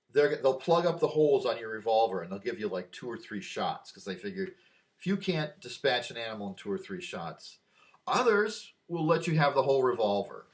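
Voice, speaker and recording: A man's voice: medium pitch, big pitch swings, normal speed. An older man vlogging a rambling opinion monologue, drifting off on asides and growing emphatic when he argues a point. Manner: easily distracted, wandering asides.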